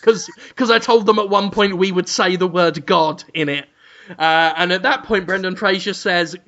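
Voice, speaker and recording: A man's voice: high voice, normal speed, a bit bright, muffled recording. A man hosting a comedy podcast, riffing with giggles and stammered restarts. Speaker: podcast host.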